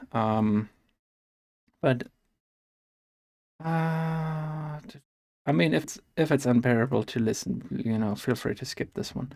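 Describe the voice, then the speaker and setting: Man, German accent, gravelly, casual gameplay chat, rambling with fillers, allergies, dry sound. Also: mid-range voice, a little mellow, dry recording. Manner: rambling, thinks aloud with many fillers and restarts. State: has allergies. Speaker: gaming vlogger. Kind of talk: casual chat while playing a game.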